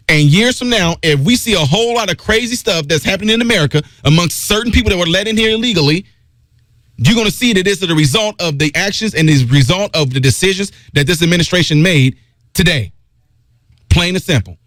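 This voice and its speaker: A middle-aged man hosting a talk radio show, delivering an emphatic opinion monologue that drops low and loud for stress. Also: dry recording.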